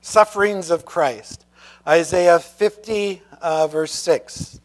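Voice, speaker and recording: Male pastor, sermon delivery, unhurried reading with a high voice and questions to the room. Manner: reads scripture slowly, asks congregation questions.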